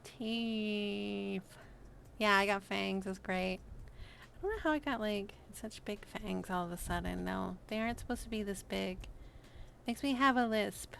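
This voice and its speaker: A woman's voice: mid-range voice, unhurried, creaky, a bit bright, slight background noise. A woman streamer chatting casually while she draws, playful and self-amused. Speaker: art streamer. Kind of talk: casual chat while drawing.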